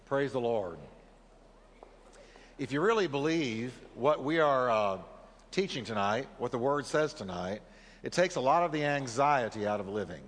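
A male pastor delivering an earnest sermon at a middle pitch. He leads his congregation through scripture readings and prayer. His voice carries the long reverb of a church sanctuary. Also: expressive, normal speed.

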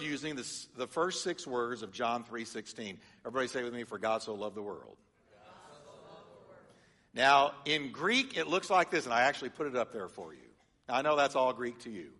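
A man, preaching a teaching sermon as pastor, animated and leading his congregation in call-and-response. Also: mid-range voice, in a large hall. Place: church sanctuary.

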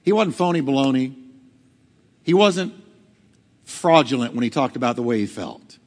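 Animated preaching man in echoey church. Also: medium pitch, normal speed. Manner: dramatic preaching, acting out quotes. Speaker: pastor. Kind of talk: sermon. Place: church hall.

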